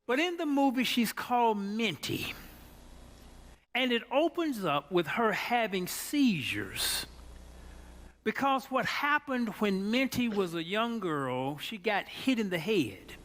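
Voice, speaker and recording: High-voiced, lively preacher man. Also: takes it slowly. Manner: folksy storytelling preacher, building from soft to shouted. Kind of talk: sermon.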